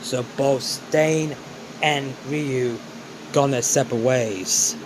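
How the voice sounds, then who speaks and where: A man's voice: mid-range voice, takes it slowly, background noise. A man casually narrating an improvised fan story in a loose, rambling way.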